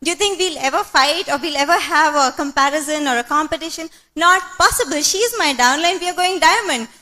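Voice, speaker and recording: A woman's voice: sits high, fairly quick, bright, forceful tone. A woman giving an earnest motivational talk at a business meeting, with frequent fillers. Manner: earnest, many "okay" and "um" fillers.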